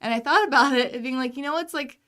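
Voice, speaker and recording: A woman's voice: sits high, fast talker, pushed and bright. Chatty young woman co-hosting a live stream. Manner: chatty, rambling, self-deprecating jokes. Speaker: co-host. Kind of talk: casual live-stream chat. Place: small studio room.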